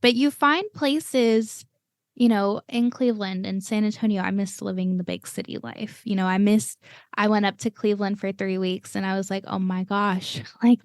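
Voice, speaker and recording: A woman's voice: mid-range voice, darkish tone, no room sound, studio quality. A young adult woman talking casually as a podcast guest, rambling with many fillers like "you know" and "like". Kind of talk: casual interview chat.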